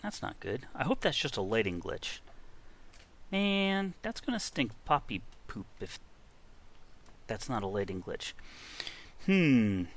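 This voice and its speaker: A man's voice: medium pitch, very animated, slow, long pauses, a little hiss or hum. A man giving casual, chatty commentary while playing a game, talking to himself with frequent exclamations. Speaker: gaming video creator.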